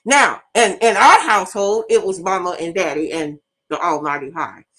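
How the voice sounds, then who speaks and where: A woman's voice: fairly low pitch, moderate pace, pushed and bright, poor audio. A middle-aged woman hosting an online radio talk show, telling stories bluntly and speaking straight to her listeners. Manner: storytelling, addresses audience directly, emphatic and blunt. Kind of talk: casual monologue to listeners.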